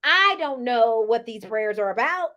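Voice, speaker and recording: A woman with a fairly high voice and an unhurried pace casually recaps a reality TV episode. She's chatty and sassy, animatedly acting out what the cast members said.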